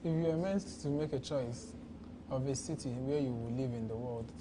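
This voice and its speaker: Nigerian male interviewer against clear noise. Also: mid-range voice, normal speed.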